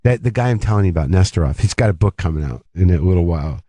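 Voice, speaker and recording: A man, a comedian and podcast host, telling an animated, rambling story as a guest on a talk radio show, often cutting himself off mid-sentence. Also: low-pitched, racing, dry recording. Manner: rambling, animated, self-interrupting.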